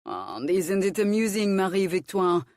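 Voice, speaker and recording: A woman's voice: mid-range voice, very animated, normal speed, darkish tone, no room sound, clean studio sound, close to an everyday voice. A woman voicing a sly young male count who mocks with innuendo and feigned innocence. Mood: teasing. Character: sly, teasing French count, a young man.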